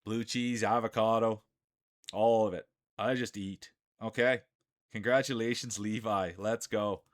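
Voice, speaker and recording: A man streaming live commentary on a marble race, with energetic, joking hype-man banter. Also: on the low side, measured pace, no room sound.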